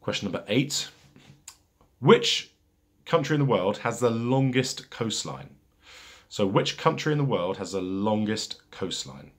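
A man hosting a casual pub quiz, reading each question twice, slowly and deliberately, with chatty asides between rounds. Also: on the low side, big pitch swings.

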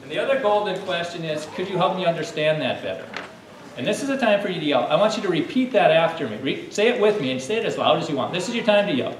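A man's voice: fairly high pitch, lively intonation, fast talker. Coaxing man teaching kids, echoey room. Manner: coaxing, call-and-response, coach-like. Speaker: children's teacher. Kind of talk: lively lesson to a room of kids. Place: room full of children. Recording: echoey room, distant mic, faint hum.

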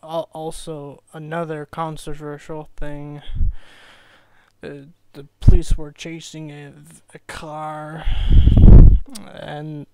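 A man giving casual rambling commentary, stammering, apologetic and low-energy on an old cheap microphone. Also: monotone, takes it slowly, vocal fry, darkish tone, clear, resonant tone, rough recording. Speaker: amateur commentator.

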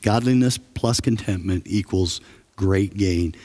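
A man preaching a sermon as pastor, telling stories with humor and lively emphasis. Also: deep voice, unhurried. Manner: animated storytelling with humor. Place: church sanctuary.

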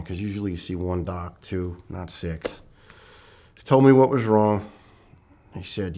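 Middle-aged man, low voice, interview storytelling, earnest and emotional, acts out quoted dialogue. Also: unhurried, mellow. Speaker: retired firefighter lieutenant.

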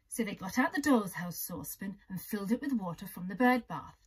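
A woman reading a children's storybook aloud in a gentle, expressive way. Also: medium pitch, a little fast, hardly any pauses, husky.

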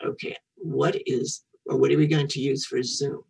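A woman's voice: extremely low pitch, little pitch movement, normal speed, gravelly, few pauses, darkish tone, husky, distant mic, poor audio. A woman reading a picture book aloud to a young child, patiently repeating French words and encouraging the child to say them back. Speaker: children's storyteller and French teacher.

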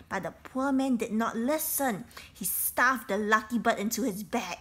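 A woman reading a children's picture book aloud, slowly, stopping to explain things in simple words. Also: a little high, a bit bright. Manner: slow, explains words and events in simple asides. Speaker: storybook reader.

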